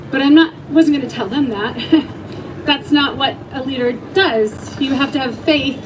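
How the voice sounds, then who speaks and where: High-voiced woman giving a rally speech. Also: slight background noise, rough recording. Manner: emotional storytelling, rising to rallying cries. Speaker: rally speaker, restaurant owner. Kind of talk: impassioned speech to a crowd.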